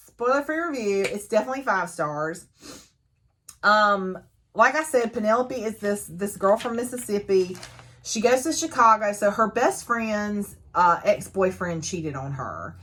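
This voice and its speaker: A woman's voice: mid-range voice, a little slow. A young adult woman reviewing a book in a casual chat to camera, talking freely with fillers and frequent laughs. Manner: chatty, laughs often, lively fillers.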